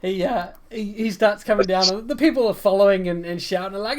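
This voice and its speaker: A woman narrating a tabletop game as game master in a casual, lively way. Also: medium pitch, a little fast. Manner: lively, casual, laughs often.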